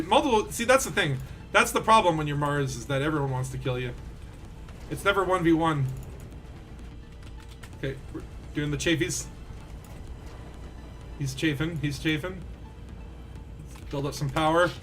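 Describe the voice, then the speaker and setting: Young man, streamer, excited gameplay commentary, high voice, bright and forceful tone. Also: moderate pace, long pauses, faint music behind. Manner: animated, yells when excited. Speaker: game streamer.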